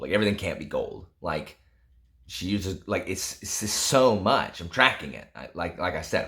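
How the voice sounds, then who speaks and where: A man's voice: extremely low pitch, a bit bright. A young adult man, chatting casually in a vlog and reacting to a novel with exasperated laughs. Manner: exasperated, laughing, dramatic reading asides. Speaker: book vlogger.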